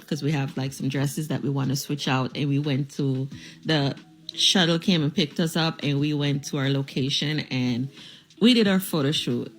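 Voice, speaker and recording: A woman casually telling a personal story to camera, playful and animated, acting out what people said. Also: deep voice. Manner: animated, playful, acts out quoted voices.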